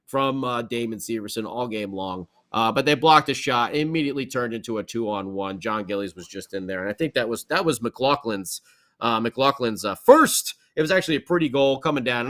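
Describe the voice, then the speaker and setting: A man co-hosting a podcast, recapping a hockey game in a casual, rambling and excitable way. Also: medium pitch. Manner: excitable, rambling, animated storytelling. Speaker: podcast co-host.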